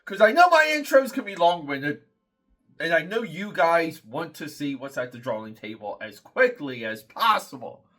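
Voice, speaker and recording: A man's voice: on the high side, big pitch swings, moderate pace, bright, forceful tone, faint music behind. A man hosting a casual comic book review, rambling and critical, with many fillers and restarts.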